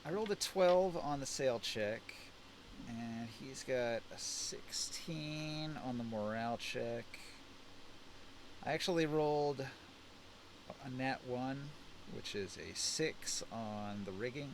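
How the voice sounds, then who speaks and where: A man's voice: medium pitch, slow, a little hiss or hum. A man narrating as game master, easygoing, with frequent fillers.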